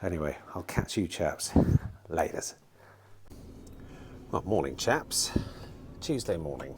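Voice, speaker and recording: A man's voice: rumbling low, expressive, takes it slowly, slight background noise. A middle-aged man, a used car dealer, chatting casually and rambling to camera, swearing now and then. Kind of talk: casual vlog chat to camera. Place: outdoors in bright sun at a car lot.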